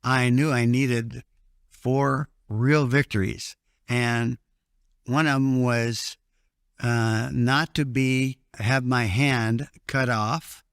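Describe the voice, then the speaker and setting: A man giving documentary testimony about being held hostage, speaking in a sober, measured way. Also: medium pitch, fairly even intonation, clear, resonant tone, no room sound, clean studio sound. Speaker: former hostage recounting captivity. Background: faint music.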